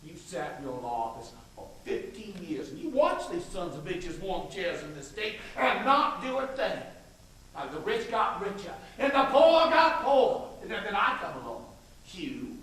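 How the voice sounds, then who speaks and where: An actor playing a brash, domineering state governor, swaggering and coarse, on an echoey stage recorded from afar. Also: male voice, high voice, a bit bright. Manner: swaggering, boisterous, coarse and persuasive. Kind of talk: stage play acting. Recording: echoey stage miked from far, faint noise.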